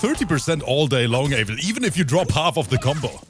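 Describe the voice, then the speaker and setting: A man calling a fighting-game match live, with chatty, energetic play-by-play. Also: on the high side, fast. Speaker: esports commentator. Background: game music.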